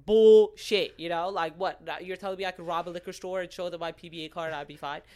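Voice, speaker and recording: High-voiced young man, swearing co-host. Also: steady tone, fast, darkish tone, clear, resonant tone. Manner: swears freely, reacts with short interjections. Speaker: podcast co-host. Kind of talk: casual chat.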